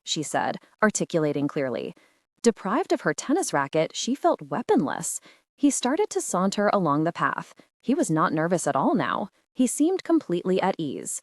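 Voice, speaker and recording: A woman narrating a literary short story audiobook in a measured, expressive storytelling manner. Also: lowish voice, dry recording, studio quality.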